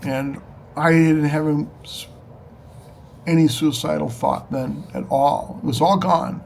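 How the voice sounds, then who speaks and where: A man with a slightly raised voice recounts a personal experience in an earnest, halting way, often breaking off and starting his sentences again. A faint hiss sits under the recording. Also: fairly high pitch, steady tone, gravelly, darkish tone. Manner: earnest, halting, emotional storytelling with restarts. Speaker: storyteller recounting a spiritual experience. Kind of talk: personal testimony.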